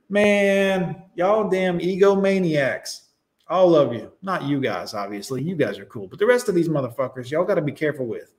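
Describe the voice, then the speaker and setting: A man's voice: a little high, expressive, moderate pace. Young man, sarcastic profane reaction commentator. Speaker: commentator reacting to news clips.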